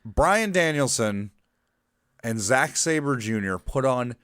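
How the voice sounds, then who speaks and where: Excitable American man co-hosting a podcast. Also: medium pitch, slow, clean tone, no echo, studio quality. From United States. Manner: excitable, swears, rambling restarts. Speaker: podcast co-host. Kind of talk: casual chat.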